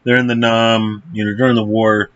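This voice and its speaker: A man's voice: fairly low pitch, little pitch movement, normal speed, a bit bright, lo-fi sound. A man giving a casual, rambling film review, blunt and profane, with lots of fillers.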